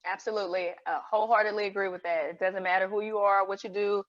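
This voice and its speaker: A woman's voice: mid-range voice, level tone, fast, no room sound. A woman in her forties, a vegan cook talking casually as a podcast guest, effusive and eager to promote herself. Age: 40s. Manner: effusive, plugs her social media. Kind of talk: casual chat. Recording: dull, dry, lo-fi sound.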